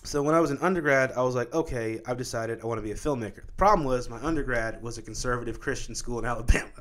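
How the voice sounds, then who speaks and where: A man in a relaxed conversation, spinning a long comic anecdote. He swears freely and peppers his talk with "like" and "right?". His voice sits at an ordinary male pitch. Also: rapid-fire. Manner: loose and profane, many likes and rights. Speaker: filmmaker guest. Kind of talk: casual comic storytelling.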